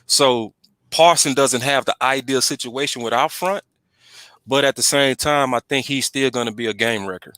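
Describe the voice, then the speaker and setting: Bright, emphatic male sports podcast host. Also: medium pitch, normal speed, no room sound. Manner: emphatic, repeats points for stress. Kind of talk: casual sports chat.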